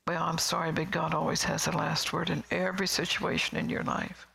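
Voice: mid-range voice, little pitch movement, fairly quick, gravelly, hardly any pauses, pushed and bright, husky, poor audio. A middle-aged preacher giving a sermon in a rambling, conversational way, with chuckling asides and whispered emphasis.

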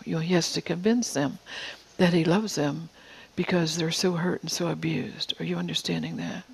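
A preacher in their fifties or older giving an earnest sermon in a church, often dropping to a soft whisper for emphasis and repeating words. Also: mid-range voice, level tone, brisk, creaky, slightly rough, rough recording. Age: 50s or older.

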